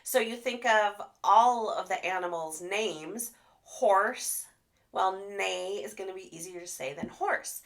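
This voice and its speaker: A woman speech therapist leads a casual training session for teachers and parents. Her mid-pitched voice has a slight gravelly fry, and she livens up her explanations with expressive demonstrations. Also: slow. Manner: animated, demonstrates sounds with expressive voice. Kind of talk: live online training talk.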